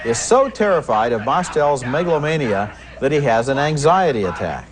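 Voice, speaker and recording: A man's voice: mid-range voice, big pitch swings. Eager man co-hosting a film review show. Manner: eager, brisk, enthusiastic. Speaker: film critic, co-host.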